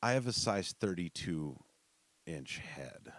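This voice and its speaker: A man's voice: low voice, big pitch swings, slow, a bit bright, exaggerated voice. A man voicing a matter-of-fact male caller on the phone. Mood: deadpan. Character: plain-spoken adult male caller.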